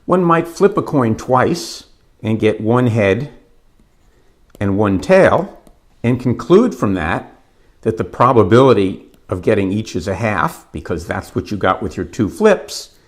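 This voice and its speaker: A man giving a recorded course lecture, explaining plots step by step in a measured way. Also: on the low side, lively intonation.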